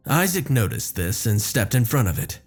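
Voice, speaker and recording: A man narrating a first-person horror story in a measured, descriptive way. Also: mid-range voice, big pitch swings, husky, faint music behind.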